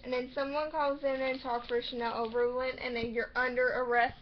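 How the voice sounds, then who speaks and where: A young woman casually recapping a TV episode, rambling and acting out characters' lines in quick bursts. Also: sits high, flat delivery. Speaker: recap vlogger. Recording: slightly muffled home recording with faint noise.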